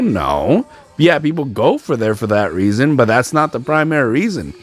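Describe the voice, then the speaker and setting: A man's voice: medium pitch, very animated, normal speed. A young man hosting a podcast, ranting alone with frustration and mocking other people's words. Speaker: podcast host. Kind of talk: solo ranting podcast monologue.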